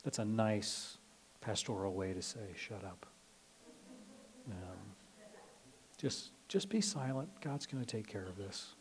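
A man's voice: fairly low pitch, expressive, slow, long pauses. A male pastor giving a casual, conversational sermon, full of fillers and dramatized quotes. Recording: long reverb of a large hall.

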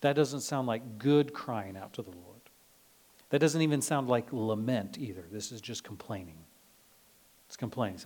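A man's voice: mid-range voice, normal speed, a little mellow. Man preaching in a reverberant hall. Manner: casual, many fillers, dramatizes quoted lines. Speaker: pastor. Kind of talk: conversational sermon. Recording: long reverb of a large hall.

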